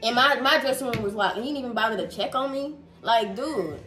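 A young woman in a casual family chat, speaking low-key and soft, getting sharper when indignant. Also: fast. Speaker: family member joining the talk. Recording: echoey room with faint noise.

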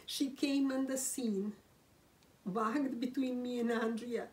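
Grieving woman, higher voice, very slow and halting, near tears, recorded from a distance in a room. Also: steady tone, a little mellow. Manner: halting, with frequent restarts and whispered phrases. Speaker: widow telling a personal story. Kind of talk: emotional first-person storytelling. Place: room at home, seated.

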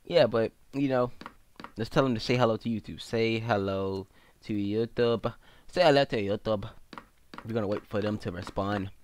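A man hosting a gaming video, giving playful, jokey let's-play commentary that jumps into high, excited squeals. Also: moderate pace, a little hiss or hum.

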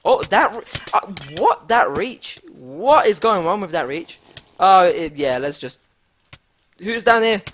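A man giving excitable live gameplay commentary as a gaming YouTuber, hyped and repeating himself. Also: sits high, a little slow.

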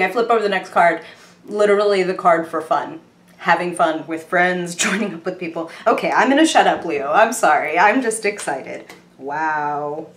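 A young woman chatting casually and excitedly through a tarot reading, full of fillers and quick apologies. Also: fairly low pitch, roomy sound, a little hiss or hum. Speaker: tarot reader.

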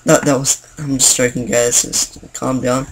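A young man commenting on his game as he plays, excitable, stammering and jokingly indignant. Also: mid-range voice, measured pace, a little hiss or hum. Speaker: gaming channel host. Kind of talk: gameplay commentary.

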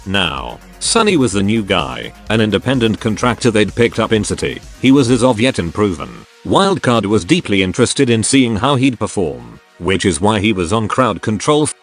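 A man narrating a scripted story in an even synthetic reading voice. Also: lowish voice, normal speed, few pauses, faint music behind.

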